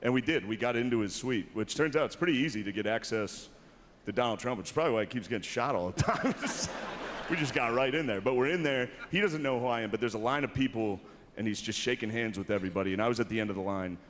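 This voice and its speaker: A man's voice: mid-range voice, fast talker, a bit bright, slight background noise. A man doing a stand-up monologue while hosting an awards show, with a laid-back, self-mocking delivery, in broadcast audio from a large hall.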